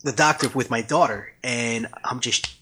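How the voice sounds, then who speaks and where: A man's voice: medium pitch, moderate pace, noisy background. A man in casual podcast chat, telling stories with laughter. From Long Island. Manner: animated, laughing storyteller.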